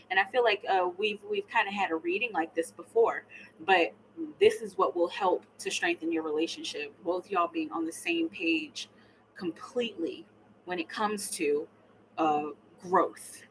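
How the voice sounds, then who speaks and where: A woman's voice: mid-range voice, very animated, normal speed, a bit bright, slight background noise, low-quality recording. A woman giving a live tarot reading, chatting casually and laughing, sometimes murmuring her questions to the cards. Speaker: tarot reader.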